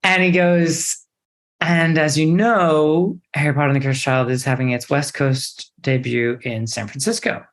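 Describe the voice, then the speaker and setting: A young adult man, an actor guest in a casual interview, telling a story in a lively, expressive way. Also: a little high, a little slow.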